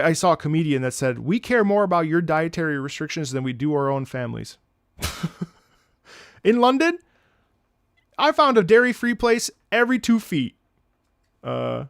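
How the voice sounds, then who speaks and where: A man hosting a live stream, chatting casually and telling stories with lively impressions of people he met. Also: gravelly, dry recording, clean studio sound. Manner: animated storyteller, mimics French voices with high loud bursts. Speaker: streamer host.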